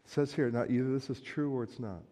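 A man preaching a sermon in a relaxed, conversational way, joking with the congregation and acting out everyday quotes. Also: medium pitch, fast talker. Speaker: pastor. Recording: long hall reverb.

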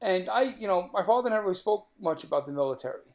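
Gravelly New man telling stories. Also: high-pitched, animated, fast talker, a little mellow. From Brooklyn, New York. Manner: colloquial storyteller, laughs through his punchlines. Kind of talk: casual chat.

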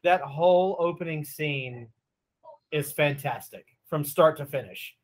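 A man's voice: on the high side, measured pace. Enthusiastic man podcast co-host. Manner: enthusiastic, laughs easily. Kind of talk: casual chat.

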